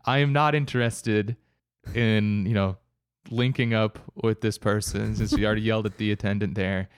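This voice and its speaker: A man with a low, smooth, resonant voice tells a story in casual conversation. He rambles, full of fillers and restarts. The sound is dry and close. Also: fairly even intonation, moderate pace, no room sound.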